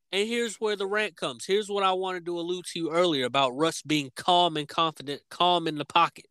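A man's voice: high voice, steady tone, normal speed, hardly any pauses, pushed and bright, smooth, no echo, low-quality recording. A young man co-hosting a podcast, ranting emphatically and swearing in frustration about his team's season. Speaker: podcast co-host. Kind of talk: heated sports rant.

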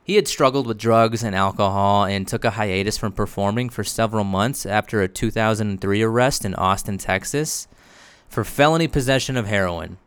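A man giving scripted narration for a video essay in a measured, explanatory way. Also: lowish voice, clear, resonant tone, no room sound.

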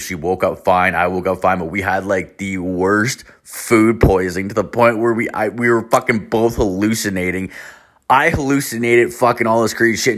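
A man's voice: on the low side, fairly bright tone. A young man from Canada telling a wild personal story casually, swearing constantly, rambling with many fillers and acting out the lines of the people in it.

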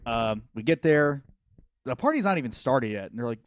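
A man's voice: mid-range voice, animated, quick pace, dry recording. A man hosting a podcast, telling a party story in casual chat, often laughing, swearing and acting out what people said. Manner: laughing, swearing, acts out quotes. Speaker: podcast host.

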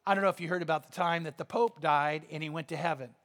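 A man's voice: on the high side, fairly even intonation, fast, a bit bright. A male pastor preaching a sermon in an earnest, conversational manner with emphatic repetition.

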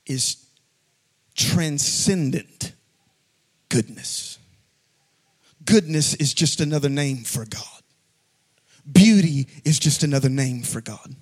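A man preaching a sermon to a congregation, building to shouted, sing-song peaks and dropping to quiet asides. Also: fairly high pitch, slightly rough. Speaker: pastor. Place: church sanctuary before a congregation.

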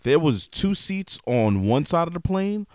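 Animated man telling a funny story. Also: fairly high pitch, a little slow. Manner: animated, acts out voices in his story.

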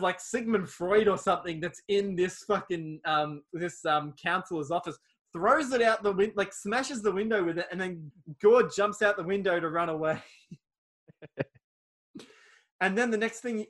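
A man's voice: high voice, bright, forceful tone. A man, casually recapping a film on a podcast, swearing freely and acting out quoted lines. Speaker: podcast co-host.

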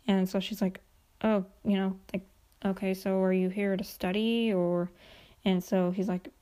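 A woman's voice: mid-range voice, flat delivery, a little slow, warm tone. A young woman casually recapping a TV episode, chatty and gushing, with lots of "like" fillers. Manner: chatty, gushing, heavy use of "like". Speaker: show recapper.

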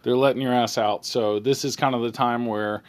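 A man's voice: medium pitch, steady tone, fairly quick, dry recording, close to an everyday voice. A man playing a weary parole officer who states things for the record in a procedural, offhand way. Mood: businesslike.

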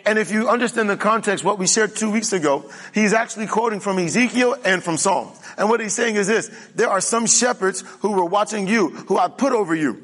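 A man's voice: sits high, animated, a little fast, a bit bright. A male pastor preaching a conversational sermon, often checking in with the congregation. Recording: reverberant hall.

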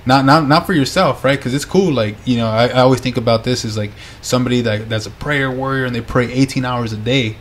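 A man's voice: mid-range voice, brisk, few pauses, slight background noise. Laid-back man hosting a podcast chat. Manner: laid-back, joking, repeats "you know what I mean". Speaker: podcast host. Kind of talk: casual faith podcast chat.

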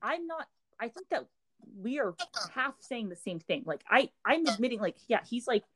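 A woman's voice: fairly high pitch, sing-song, moderate pace, fairly bright tone, breathy edge. A young woman co-hosting a casual chat, rambling with constant filler words and restarts. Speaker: podcast co-host.

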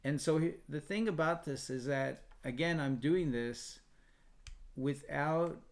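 A man's voice: a little high, takes it slowly. A man, a choir founder, telling a story in a casual podcast interview and bringing the people he quotes to life. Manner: animated storyteller, quotes others in lively voices.

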